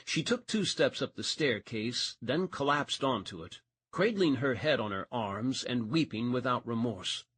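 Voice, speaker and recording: A man's voice: medium pitch, expressive, measured pace, fairly bright tone, husky. A man narrating a romance audiobook, reading expressively and changing voice for each character.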